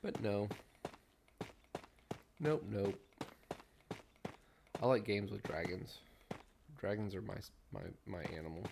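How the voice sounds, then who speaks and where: Low gravelly man musing while gaming. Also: background noise. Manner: mellow, rambling, hums absently while building. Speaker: streamer. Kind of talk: relaxed gameplay commentary.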